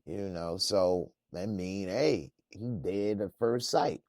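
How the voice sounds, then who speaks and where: A man casually reacting to a TV episode in slangy, laid-back talk with lots of laughter and animated retelling. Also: low voice, slow pace, dry recording, studio quality. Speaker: reviewer.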